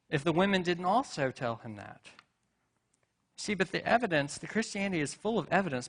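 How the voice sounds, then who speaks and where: A man's voice: a little high, fairly bright tone. Male pastor, sermon, casual storytelling, rhetorical questions, church. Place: church sanctuary.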